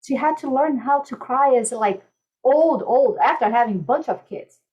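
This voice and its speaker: A woman life coach speaking gently and soothingly in a podcast interview, softly repeating calming mantras. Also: high voice, normal speed, dull audio.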